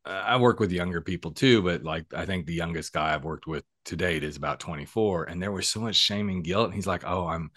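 A man hosting a podcast, talking in an animated, emphatic, chatty way. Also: low-pitched, brisk, hardly any pauses, no echo, studio quality. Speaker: podcast host and coach. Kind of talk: casual podcast conversation.

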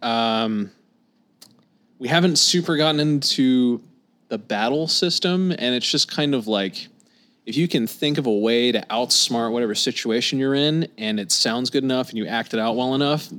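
A man from Scotland chatting as a podcast guest in a loose, laid-back way. He swears freely, laughs easily and keeps a middle-pitched, everyday voice. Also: moderate pace, a bit bright. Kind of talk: casual podcast chat.

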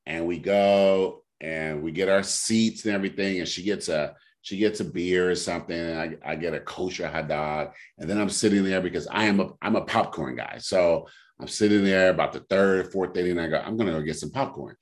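A man co-hosting a casual podcast, telling stories in an animated way and breaking into loud laughter. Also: low-pitched, brisk. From Sacramento area. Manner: animated storyteller, bursts into shouting laughter. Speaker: podcast co-host. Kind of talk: casual storytelling chat.

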